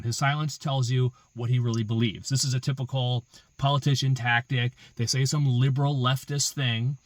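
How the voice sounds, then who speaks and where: A man's voice: medium pitch, flat delivery, normal speed, no echo. Emphatic man in a dry, close room. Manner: emphatic, repetitive, building arguments with rhetorical questions. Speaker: political commentary host. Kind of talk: opinion monologue.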